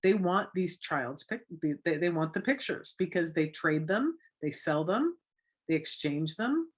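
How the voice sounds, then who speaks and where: Woman from florida telling a story on a talk show, lowish voice, acts out the quotes. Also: expressive, unhurried. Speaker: guest, anti-trafficking educator. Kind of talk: casual interview talk.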